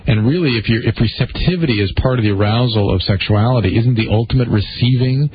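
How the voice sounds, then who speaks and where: A man's voice: medium pitch, fast. A man co-hosting a call-in radio show, thoughtful and explanatory. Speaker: radio co-host. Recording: muffled broadcast with faint noise.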